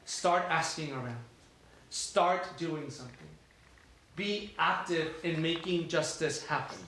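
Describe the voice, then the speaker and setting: A man's voice: on the high side, takes it slowly, sharp tone. A man delivering a sermon, with conversational storytelling and frequent rhetorical questions. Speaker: pastor. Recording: very echoey room, faint ambience.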